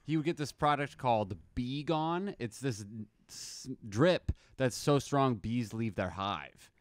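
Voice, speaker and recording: A man's voice: medium pitch, unhurried, dry recording, clean studio sound. A man, a guest comedian from New York, chatting on a podcast and acting out quotes in shifting voices. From Astoria, New York. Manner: animated storyteller, acts out quotes in shifting voices. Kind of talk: casual podcast chat.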